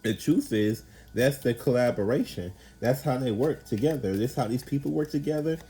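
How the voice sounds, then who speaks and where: Mellow-voiced man giving a rambling tarot reading. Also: medium pitch, moderate pace, slight background noise, poor audio. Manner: rambling, slangy and profane, heavy use of "like"; animated, acts out quoted people. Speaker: tarot reader.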